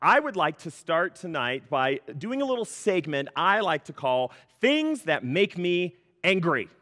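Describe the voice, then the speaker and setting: A man preaching a sermon as a pastor, an animated storyteller who laughs through his mock outrage. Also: on the high side, measured pace. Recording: long hall reverb.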